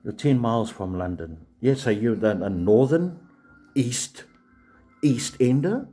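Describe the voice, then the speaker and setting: A man's voice: medium pitch, expressive, unhurried, mellow, faint music behind. A man, hosting a live stream and rambling chattily to viewers with many fillers and restarts. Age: 40s.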